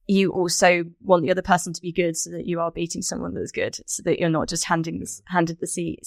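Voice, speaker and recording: A woman's voice: fairly low pitch, no room sound, studio quality. A young adult woman, a rowing coxswain, answering interview questions in a reflective, chatty way and laughing easily. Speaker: podcast guest, rowing coxswain.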